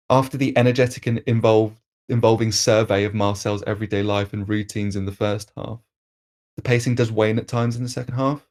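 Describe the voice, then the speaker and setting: A man hosting a film review podcast, reading an analytical critique in a measured way with occasional restarts. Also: mid-range voice, a little mellow.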